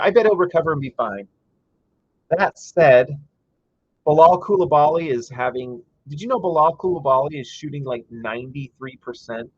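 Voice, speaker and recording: A man's voice: medium pitch, no room sound, muffled recording. A man hosting a casual live game-watch stream, chatty and reading viewer comments aloud, breaking into frustrated rants. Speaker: livestream host.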